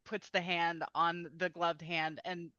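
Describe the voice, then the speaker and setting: A woman playing in a tabletop game, speaking softly and hesitantly in casual play. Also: fairly low pitch, flat delivery, slow pace, no room sound. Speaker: player. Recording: dull lo-fi mic.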